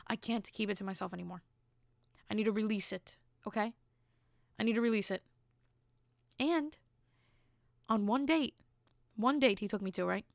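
A woman's voice: mid-range voice, gravelly, no room sound, studio quality. A young woman hosting a solo podcast, telling a dating story bluntly and acting out the quotes as she goes. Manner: animated, acts out quotes. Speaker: podcast host. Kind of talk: casual solo podcast monologue.

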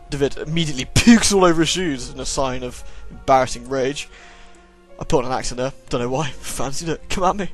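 A man's voice: mid-range voice, fairly quick, faint music behind. A man with a sore throat giving jokey, sarcastic commentary while playing a horror game. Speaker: let's play host. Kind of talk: gameplay commentary.

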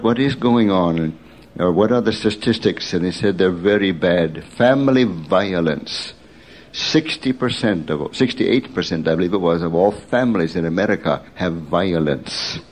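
An older man preaching as a pastor, telling mission stories with sudden excited bursts and slow, hushed emphasis. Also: sits low, a little hiss or hum. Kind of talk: sermon.

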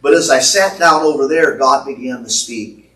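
A man preaching a prophetic sermon from the pulpit, slowly declaiming words he says he heard from the Lord. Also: mid-range voice, sharp tone. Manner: slow, declaiming prophecy in the Lord's voice with rising intensity. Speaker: pastor. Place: church sanctuary. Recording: echoey church from far off.

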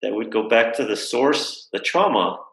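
A man's voice: fairly low pitch, expressive, normal speed, gravelly, fairly bright tone, echoey room, low-quality recording. A man speaking as a guest in a video-call conversation, telling a reflective story in a thoughtful way, with fillers and frequent rhetorical questions.

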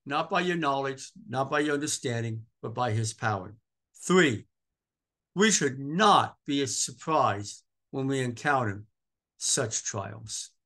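A pastor from Maine preaching a sermon in a church, swinging from loud emphatic calls to hushed, tender passages and repeating phrases for emphasis. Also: male voice, mid-range voice, lively intonation, slow.

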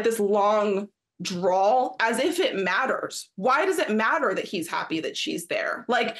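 A woman's voice: mid-range voice, a bit bright. A woman co-hosting a sports talk show, arguing her point emphatically and acting out quotes in mocking voices. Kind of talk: studio discussion.

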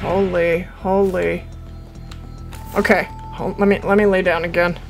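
A young woman live-streaming a hunting game, chatting with her viewers and getting excitable. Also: lowish voice, measured pace, gravelly, faint music behind. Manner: excitable, chatty, talking to chat. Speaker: gaming streamer.

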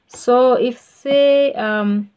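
Slow, patient woman teaching. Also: on the high side, darkish tone, clean tone. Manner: patient, repeats words for the learner. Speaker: French teacher. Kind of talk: slow spoken language lesson.

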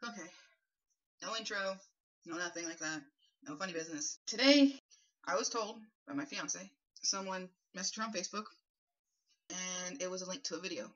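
A man's voice: high voice, animated, normal speed, pauses often, a bit bright. A man in his twenties giving a blunt, indignant rebuttal in a vlog. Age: 20s. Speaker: vlogger. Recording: dull lo-fi recording.

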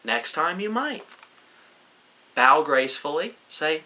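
Vlogger, male, bright forceful voice, sarcastic gloating delivery, casual monologue. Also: fairly high pitch, expressive, unhurried, rough recording.

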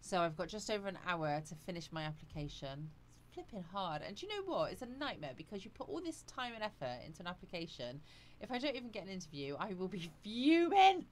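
A woman's voice: fairly low pitch, sing-song, fast talker, slight background noise. A woman on a casual livestream, chatting breezily, greeting viewers by name and laughing often. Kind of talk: casual live chat reading out viewer comments.

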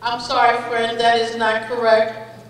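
A woman with a slightly high, monotone voice speaks at a measured pace while running a spelling bee. She patiently reads each word with its definition and an example sentence, cheering on every speller like a friend. Her voice sits far from the mic in an echoey hall.

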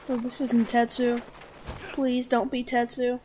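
A young woman giving casual, jokey gameplay commentary; she talks to herself and bursts into loud outbursts. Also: on the high side, little pitch movement, unhurried, noisy background. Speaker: gaming streamer. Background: game music.

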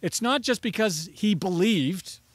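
A man's voice: high-pitched, lively intonation, a little slow, no room sound. A man preaching a sermon as pastor, earnest and rising to emphatic pleading on key phrases.

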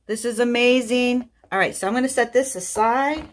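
A woman crafting vlogger chatting casually through an unboxing, gushing with excited exclamations. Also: a little high, moderate pace.

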